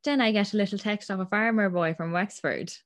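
A woman's voice: mid-range voice, brisk. A young woman with an Irish accent, chatting casually and acting out quoted exchanges as she tells a story. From Ireland. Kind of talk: casual chat.

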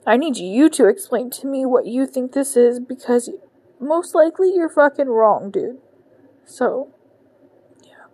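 In a personal podcast monologue recorded from her bed at home, a woman in her thirties vents, emotional and on the verge of tears, swearing constantly in frustration. Her voice is high, dark and slightly rough, with lively intonation, an unhurried pace and long pauses.

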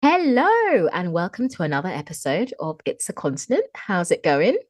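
A woman co-hosting a podcast in a casual, playful way, with quick laughs. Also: lowish voice, wildly swooping pitch, a little mellow. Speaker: podcast co-host. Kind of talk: casual chat.

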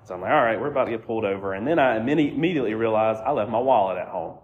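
A man's voice: on the low side, animated, racing, lo-fi sound. A man preaching a sermon as a conversational, self-deprecating story. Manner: conversational, self-deprecating, acts out quoted voices. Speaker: pastor.

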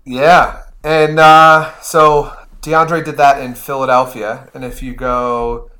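A man's voice: medium pitch, level tone, slow, bright, forceful tone. An American man co-hosting a podcast in casual chat, rambling and saying "like" a lot. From United States. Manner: rambling, says "like" often. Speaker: podcast co-host.

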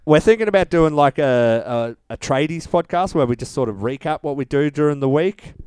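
A man's voice: fairly high pitch, lively intonation, brisk, a little mellow, clean tone, no room sound. A man co-hosting a podcast in casual chat, giving rambling opinions with dry, wry humour. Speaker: podcast co-host.

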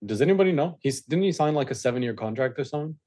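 A man's voice: medium pitch, animated, racing, warm tone. Easygoing man co-hosting a football podcast. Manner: chatty, laughs easily, agreeable. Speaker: podcast co-host. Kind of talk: casual sports chat.

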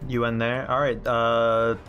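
A man's voice: medium pitch, level tone, a little slow, highs cut off, soft background music. A man narrating as game master of a tabletop game, casual and loose, with many fillers. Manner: casual, laid-back, many fillers and restarts.

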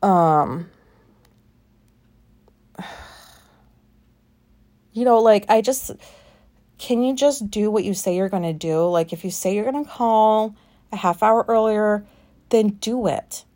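A woman's voice: mid-range voice, slow pace, pauses often, dark tone. Woman, late thirties, solo podcast host. Anxious, frustrated, rambling and profane. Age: late 30s. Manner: rambling, profane venting with many fillers. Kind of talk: casual solo podcast monologue.

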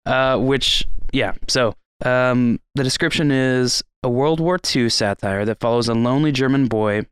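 A man's voice: mid-range voice, unhurried, a bit bright, smooth, no room sound. A man co-hosting a film podcast, talking through a movie in an easygoing, friendly way. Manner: easygoing, reads descriptions aloud, friendly. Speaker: podcast co-host. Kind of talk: casual film review chat.

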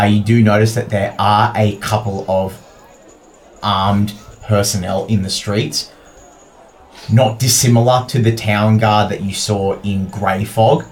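A man's voice: lowish voice, little pitch movement, a little slow. A man narrating a tabletop game as dungeon master, in a loose, rambling way full of fillers.

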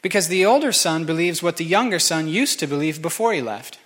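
A man's voice: on the high side, lively intonation, brisk, a bit bright. A man preaching a sermon, conversational and joking with the congregation. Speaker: pastor.

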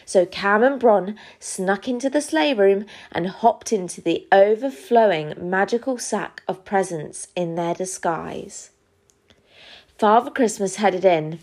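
A woman reading a children's Christmas story aloud as narrator, telling it in an expressive way. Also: medium pitch, slow pace.

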